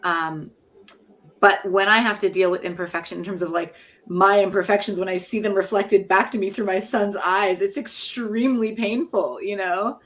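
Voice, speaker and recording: In a candid conversational interview, a middle-aged woman who writes poetry and teaches as a professor reflects openly, often chuckling at herself. Her mid-range voice is fairly bright, with fairly even intonation and a moderate pace.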